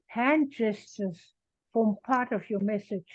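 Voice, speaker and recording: A woman giving an evaluation at an online club meeting, speaking in measured short phrases over a video call. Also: high voice, expressive, a little mellow, no echo. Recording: dry, dull video call audio.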